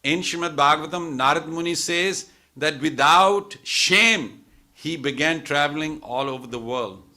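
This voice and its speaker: A man's voice: on the high side, a little slow, bright, forceful tone. A man giving a temple talk as a sermon, telling stories in a chatty way with many asides and restarts. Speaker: temple speaker. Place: temple hall.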